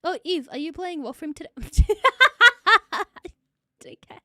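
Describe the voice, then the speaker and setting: A woman's voice: very high voice, very slow, long pauses, warm tone, no echo, clean studio sound. A young woman streaming a game, chatting casually, swearing freely and laughing often. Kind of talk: casual gaming stream chat.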